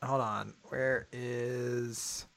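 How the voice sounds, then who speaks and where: A man co-hosting a podcast, chatting about a manga in an animated, jokey way. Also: medium pitch, very slow, creaky. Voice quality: animated, jokey, laughs easily. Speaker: podcast co-host. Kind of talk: casual chat about a manga.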